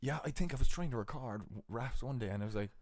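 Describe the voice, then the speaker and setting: A man's voice: mid-range voice, quick pace, a little mellow, no echo. A young man with a Cork Irish accent chatting as a podcast guest, rambling and joking in casual banter. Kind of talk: casual chat. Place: bedroom.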